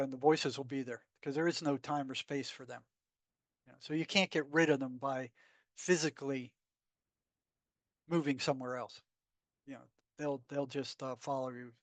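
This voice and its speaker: A man's voice: mid-range voice, no room sound. A man, a psychotherapist guest, telling stories in a blunt, emphatic way. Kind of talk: conversational storytelling.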